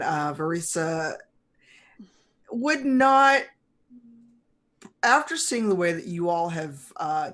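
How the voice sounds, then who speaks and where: A woman narrating a tabletop game as game master, relaxed and chatty, quick to laugh. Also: fairly low pitch.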